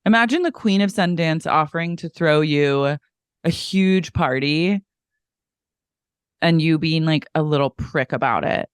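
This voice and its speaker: A man's voice: fairly high pitch, a little slow, clean tone, dry recording, studio quality. A man co-hosting a podcast, telling gossip in a dramatic, indignant, campy way. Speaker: podcast co-host. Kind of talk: casual reality-TV recap chat.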